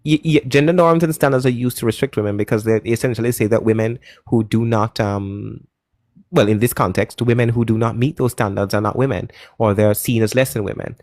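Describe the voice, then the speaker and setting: A man's voice: mid-range voice, fairly even intonation, brisk, a little mellow, dry recording, studio quality. A man hosting a live debate stream, sarcastic and mocking, interrupting guests often. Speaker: debate livestream host.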